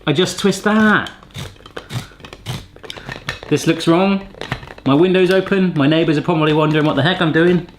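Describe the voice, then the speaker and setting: In his home kitchen, a cooking channel host tests gadgets for a casual vlog, chatty, jokey, and fond of puns. His fairly high voice stays steady at a moderate pace, with long pauses and slight background noise.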